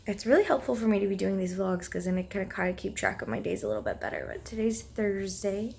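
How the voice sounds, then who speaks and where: A young woman vlogging in a casual, chatty way, giggling often and filling her talk with "like" and "um," with a slightly rough morning voice. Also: medium pitch, expressive, quick pace, darkish tone. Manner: chatty, giggly, lots of fillers. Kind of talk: casual vlog chat.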